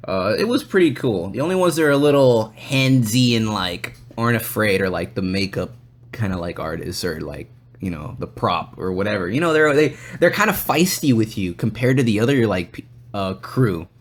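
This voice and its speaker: A man's voice: lowish voice, lively intonation, moderate pace. Rambling, foul-mouthed male podcast host. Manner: loose and rambling, swears a lot; acts out other people's lines in quoted voices. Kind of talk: casual storytelling chat.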